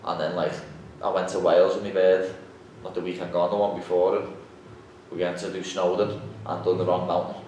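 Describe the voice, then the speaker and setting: Young guy, low voice, animated casual storyteller, recorded far from the mic in a very echoey room with faint hiss. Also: brisk. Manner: animated storytelling, acts out quotes. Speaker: podcast guest, MMA fighter. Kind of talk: casual chat.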